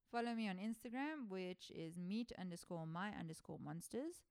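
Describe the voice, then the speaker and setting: A young woman hosts a solo folklore podcast in a casual, chatty, enthusiastic way. Her voice is smooth and clear, and the close mic keeps it dry. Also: medium pitch, a little slow, darkish tone, no room sound. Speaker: podcast host.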